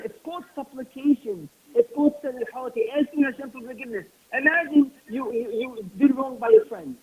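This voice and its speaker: A man's voice: very high-pitched, a little fast, few pauses. A man giving a sermon who tells stories and asks rhetorical questions as he teaches. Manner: rhetorical questions, animated storytelling. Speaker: rabbi giving a talk. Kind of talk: sermon with storytelling. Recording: tinny phone-like lo-fi audio.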